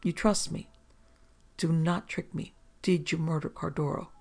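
Brief: unruffled ironic detective, read by a husky narrator, quiet and measured, storybook. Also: mid-range voice, fairly even intonation. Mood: calm. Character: calm, ironic island detective. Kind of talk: audiobook character reading.

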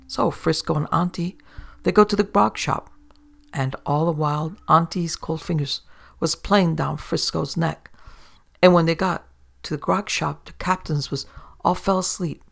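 A man narrating an old sailor's yarn aloud in a steady storytelling manner. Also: a little high, creaky.

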